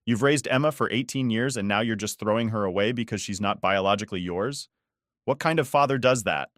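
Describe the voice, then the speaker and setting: Man doing a scheming ex-wife, middle-aged woman, scornful, accusing, pitched up from a low voice. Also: a little fast, fairly bright tone, no room sound, clean studio sound, close to an everyday voice.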